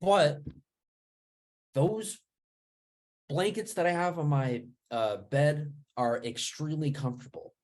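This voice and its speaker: A man who is an actor, co-hosting a podcast in a relaxed, easygoing chat. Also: on the high side, slow pace, long pauses. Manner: relaxed, easygoing, laughs often. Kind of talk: casual chat.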